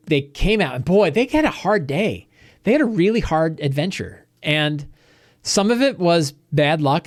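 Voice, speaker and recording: A man, the game master, recapping a tabletop game session in a rambling, animated storytelling way. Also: fairly high pitch, no echo, clean studio sound. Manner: rambling, animated storytelling with quoted character lines.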